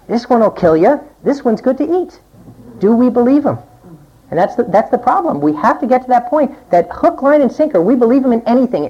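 A woman preacher delivering a sermon and reading scripture aloud, acting out quoted voices with big swings in pitch. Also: warm tone. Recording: dull lo-fi recording.

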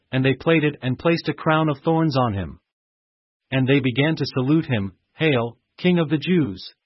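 Husky-voiced man reading scripture. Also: mid-range voice, no echo. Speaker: scripture reader. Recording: muffled dry recording.

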